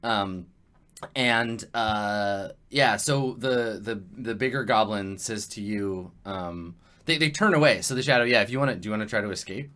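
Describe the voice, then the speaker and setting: Male game master, bright voice, halting, filler-heavy narration. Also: fairly low pitch.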